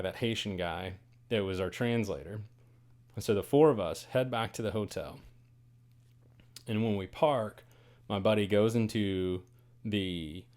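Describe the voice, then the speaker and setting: A man hosting a podcast, telling a story in a casual, animated and dramatic way. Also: sits low. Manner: animated, dramatic, swings to loud bursts on quoted lines. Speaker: podcast host. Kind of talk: casual first-person storytelling.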